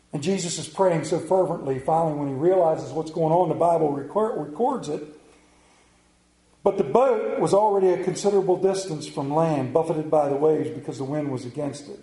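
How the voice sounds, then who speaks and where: A man preaching a sermon, telling Bible stories and acting out the characters, swinging between loud bursts and quiet low passages. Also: brisk, roomy sound, rough recording. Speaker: pastor.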